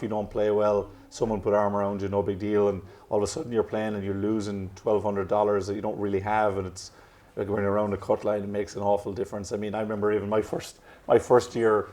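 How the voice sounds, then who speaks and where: This Irish professional golfer in his thirties is a guest in a casual interview, his accent picking up some American edges. He rambles loosely and keeps correcting himself. His fairly low voice sounds warm and mellow, never sharp.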